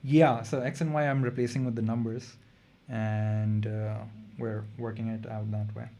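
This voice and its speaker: A man's voice: lowish voice, little pitch movement, normal speed, dark tone. A young man tutoring chemistry in a casual revision lesson, chatty and thinking aloud as he corrects himself mid-sentence.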